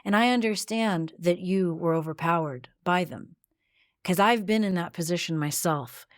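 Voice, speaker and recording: A woman voice coach teaching a podcast lesson in a gentle, reflective way. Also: fairly low pitch, normal speed, no room sound, clean studio sound.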